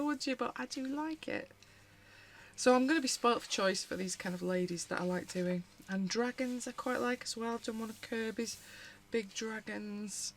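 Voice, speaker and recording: A British woman hosts a casual haul vlog from her home, her pitch sitting in an ordinary middle range. She rambles chattily, doubling back on herself and tossing in little asides as she goes. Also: slight background noise. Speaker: colouring channel host.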